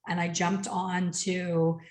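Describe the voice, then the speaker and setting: Chatty low-voiced woman host. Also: little pitch movement, slow pace. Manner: chatty storyteller, acts out quoted lines. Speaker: podcast host. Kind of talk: casual chat.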